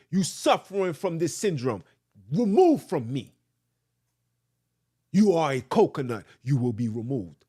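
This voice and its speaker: A man hosting a podcast, ranting and joking, looping back over the same phrases. His fairly high voice jumps all over the place, as he mixes comment with reading a letter aloud. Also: slow pace, pauses often, breathy edge. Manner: animated, ranting, repeats phrases, jokes. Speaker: podcast host.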